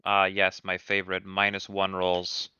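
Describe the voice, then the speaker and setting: A man's voice: low-pitched, monotone, measured pace, pushed and bright, smooth, no room sound. Male player, wry and stammering, dry lo-fi mic. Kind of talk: in-character tabletop play. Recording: dull dry lo-fi audio.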